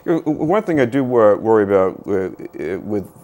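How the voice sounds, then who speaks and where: Male news interviewer, low pitch, halting questions with restarts. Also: very animated, a little mellow.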